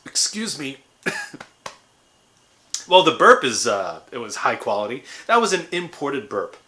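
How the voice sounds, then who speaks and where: A man's voice: mid-range voice, big pitch swings, normal speed, sharp tone. A man in his thirties, an actor, chatting through a casual beer review with playful, jokey asides. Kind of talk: casual food and drink review vlog.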